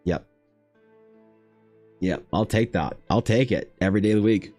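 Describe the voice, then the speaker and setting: A young man casually telling a story to his stream chat, animated and prone to exasperated outbursts. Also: normal speed, faint music behind. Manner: animated, trails into high exasperated rants.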